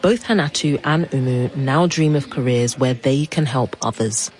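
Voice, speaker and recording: A woman reporter narrating a news feature in a calm, steady voice. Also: extremely low pitch, normal speed, poor audio.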